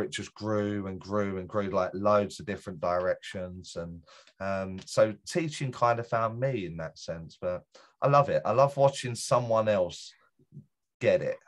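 A middle-aged man, a guest medium, telling a personal story in a rambling way, full of fillers and restarts. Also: sits low. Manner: rambling, self-correcting, many fillers. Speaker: guest, spiritual medium and teacher. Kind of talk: casual storytelling in an interview.

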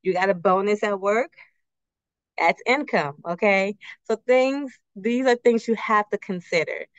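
A woman's voice: medium pitch, unhurried, clear, resonant tone, no room sound. Chatty woman teaching budgeting basics. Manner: conversational, keeps checking in with "right?" and rhetorical questions; uses everyday personal examples. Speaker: credit union financial educator. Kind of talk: casual workshop presentation with slides. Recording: slightly muffled, dry recording.

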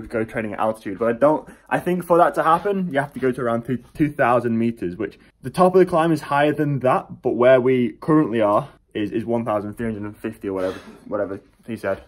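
A man's voice: mid-range voice, no room sound, low-quality recording. A young man chatting casually to camera as he vlogs a cycling trip outdoors on a mountain road, joking and teasing his friend. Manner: chatty and jokey, loud whoops while riding. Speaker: cycling vlogger. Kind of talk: casual vlog chat.

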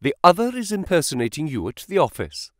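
Brisk male detective read by a man, animated delivery, dry studio. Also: on the high side, no room sound, pitched above the performer's own voice. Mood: explaining. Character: sharp, brisk male detective, reasoning aloud. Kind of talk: audiobook character reading.

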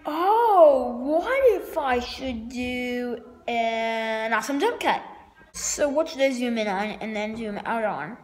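High-voiced rambling woman vlogger. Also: animated, takes it slowly. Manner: rambling, self-mocking, jumpy and playful. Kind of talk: unscripted vlog chat.

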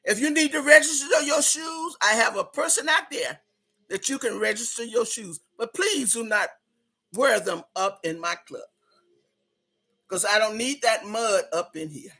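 A woman playing a loud, brassy big woman who hosts a party club, hollering her welcomes and slightly out of breath. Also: a little high, lively intonation, breathy edge, full character voice. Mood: bossy. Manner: hollering, drawn-out, Southern-style slang. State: a little out of breath. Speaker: host. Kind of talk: comedic character monologue.

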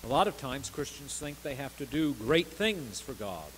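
A man preaching a sermon as pastor of a church, earnest, rising to stressed words and dropping softly between them. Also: mid-range voice, very animated, moderate pace, a little hiss or hum, low-quality recording. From United States. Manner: earnest preaching with swells of emphasis and soft drops. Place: church sanctuary.

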